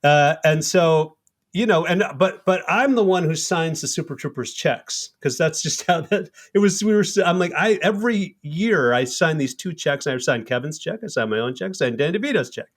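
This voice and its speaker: A middle-aged man hosting a podcast, telling a lively anecdote. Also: a little high, moderate pace. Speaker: podcast host. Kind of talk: casual conversation.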